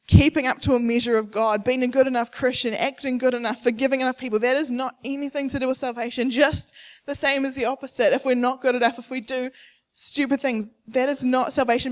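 A young adult woman preaching a sermon at a church service, emphatic and repetitive, acting out the people she quotes. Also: a little high.

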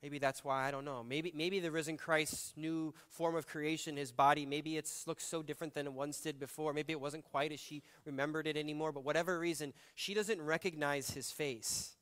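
A male pastor preaches in a bright, slightly raised voice. He talks conversationally and with feeling, pressing hard on some phrases and dropping soft on others. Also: a little high, steady tone, brisk, few pauses, clear, resonant tone. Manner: conversational, emotive, shifting between loud emphasis and soft reflection. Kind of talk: sermon.

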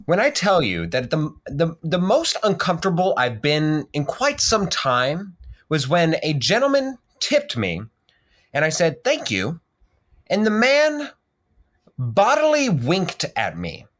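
A man's voice: a little high, unhurried. Guy on a chatty podcast, rambly storyteller, voice bounces up and down a lot. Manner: animated storyteller, rambling with restarts and laughs. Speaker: podcast co-host. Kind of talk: casual chat.

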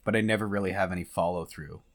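A man's voice: sits low, steady tone, quick pace. A man co-hosting a casual podcast, teasing and joking, often trailing off into filler words. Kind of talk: casual chat.

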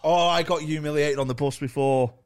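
A man, a comedian co-hosting a podcast, swearing freely while he tells animated anecdotes. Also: fairly high pitch, a little fast, clear, resonant tone. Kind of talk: casual chat, swearing anecdotes.

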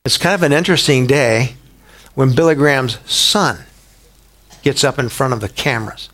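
A man preaching a sermon in a conversational way, asking the listeners rhetorical questions and rising sharply in pitch for emphasis. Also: moderate pace, a bit bright. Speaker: pastor.

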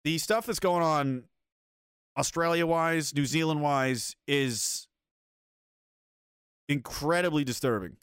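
A man's voice: on the high side, slow, pauses often, a bit bright, clean tone, dry recording. Angry guy ranting into the mic, swears a lot, dry room. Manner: angry, blunt, profane. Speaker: commentary host. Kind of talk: ranting video commentary.

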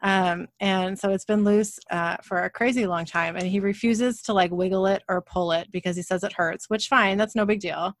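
A woman co-hosting a podcast, a mother telling a family story in casual chat, animated and acting out the lines of the people in it. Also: medium pitch, normal speed, hardly any pauses, no echo. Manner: animated storyteller, acts out her child's lines.

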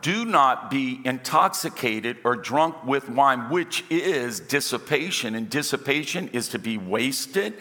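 A middle-aged male pastor preaching a sermon, acting out dialogue and joking with the congregation. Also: mid-range voice. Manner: animated preacher, acts out dialogue and jokes with the crowd. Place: church auditorium. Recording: long hall reverb.

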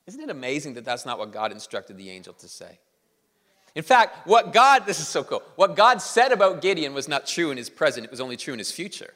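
A man preaching a sermon as pastor, animated and drawing the congregation in. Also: a little high, a little fast, in a large hall.

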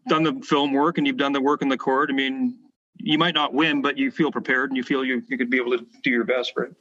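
Bright-voiced Canadian man telling animated stories. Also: medium pitch, fast, highs cut off. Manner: animated storyteller, acts out quoted voices, frequent fillers. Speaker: podcast guest, former basketball player. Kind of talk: casual storytelling interview.

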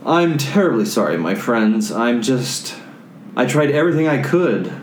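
A man's voice: medium pitch, lively intonation, moderate pace, roomy sound, slight background noise, close to an everyday voice. A man voicing a proud, polite male wizard who speaks formally and pleads. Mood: apologetic.

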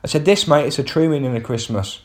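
A man's voice: a little high, fast. A man, a comedian hosting his own podcast, telling a rambling, self-mocking story with wry asides. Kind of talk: casual comic monologue.

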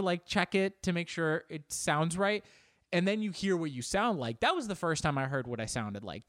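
A man riffs alone in a rambling, profane comedic monologue. His voice sits a little high and swings widely in pitch. The sound is dry and close, with no room around it. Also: no room sound.

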